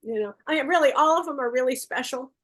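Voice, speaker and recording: Woman medium, a bit high-pitched, warm and coaxing, relays messages on a video call. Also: fast talker. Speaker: psychic medium. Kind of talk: live online gallery reading.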